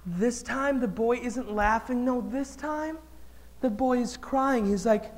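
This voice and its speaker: Animated man telling a story to kids. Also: extremely high pitch, takes it slowly. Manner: animated, swings between loud and hushed; engages the audience with questions. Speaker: speaker at a children's event. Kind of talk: storytelling talk to children.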